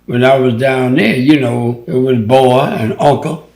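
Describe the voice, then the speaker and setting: A man's voice: mid-range voice, a little slow, vocal fry, darkish tone, roomy sound, low-quality recording. An older man from Louisiana telling stories from his youth in a loose, rambling way, full of "you know" and "right?" fillers, as an interview guest. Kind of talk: casual storytelling.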